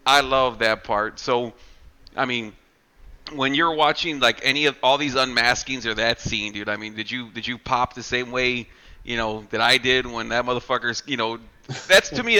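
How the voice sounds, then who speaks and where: A man co-hosting a casual movie podcast, excitedly retelling scenes, acting out lines and swearing loosely, with lots of filler words. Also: mid-range voice, smooth. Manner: heavy filler words like "like" and "you know". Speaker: podcast co-host. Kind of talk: casual chat.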